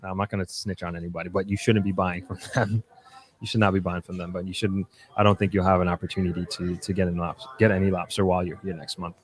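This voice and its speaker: A man's voice: sits low, flat delivery, quick pace. A young man hosting a live stream, reading viewer comments aloud and answering them in a loose, chatty way with many restarts and fillers. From New York, United States. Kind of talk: casual live chat.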